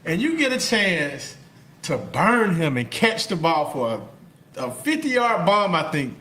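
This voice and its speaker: A man's voice: on the high side, sing-song, a little slow, bright, forceful tone. A man hosting a casual podcast interview, asking loose, rambling questions with fillers. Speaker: podcast host.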